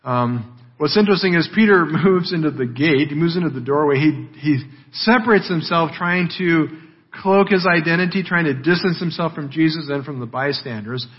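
A man's voice: fairly high pitch, normal speed, slightly rough. A man preaching a sermon in a conversational way, often checking in with "right?", heard on a dull, lo-fi recording. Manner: conversational, with frequent "right?" tags. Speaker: pastor.

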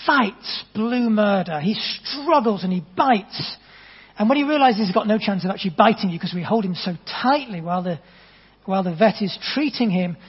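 A man preaching a sermon in an earnest, conversational storytelling manner, with gentle asides to the congregation. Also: high voice, breathy edge. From England. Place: church hall. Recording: dull, long reverb in a church hall.

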